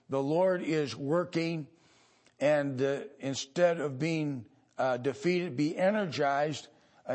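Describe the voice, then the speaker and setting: A man from the United States delivering a sermon at an unhurried, deliberate pace. His voice sits fairly high for a man, and his speech is halting, full of pauses and filler sounds before he pushes into louder, emphatic lines. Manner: builds to louder emphatic passages. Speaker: pastor.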